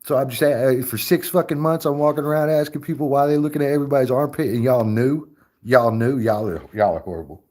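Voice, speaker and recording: A man hosting a casual livestream chat, profane and animated, breaking into laughter often. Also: a little high, fast talker, few pauses. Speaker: streamer host.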